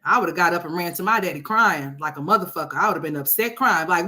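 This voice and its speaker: Sassy cussing woman host, bright tense voice, going off on a commentary stream. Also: fairly low pitch, animated, fast, few pauses, a little hiss or hum. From Oklahoma. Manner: brash, profane, loud sassy rants. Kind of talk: livestream commentary on a reality video.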